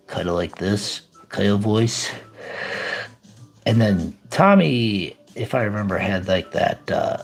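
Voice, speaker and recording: An animated man rambles casually on his live stream, reacting to chat in an upbeat way. His pitch swings widely from line to line. Faint music plays behind him. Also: normal speed, breathy edge.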